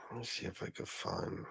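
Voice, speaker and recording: A man's voice: low voice, gravelly, noisy background. A man hosting a casual livestream, telling a story crudely and mocking someone with frequent laughter. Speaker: livestream host.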